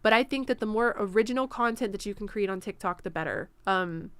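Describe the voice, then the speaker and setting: A woman streamer chats through viewer questions in a loose, off-the-cuff way, stopping to correct herself and dropping plenty of ums. Her voice comes across smooth and clean, and the sound is dry with no room ring. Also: medium pitch, brisk, fairly bright tone, no echo. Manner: frequent ums and self-corrections. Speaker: streamer hosting a Q&A. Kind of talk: casual live-stream advice chat.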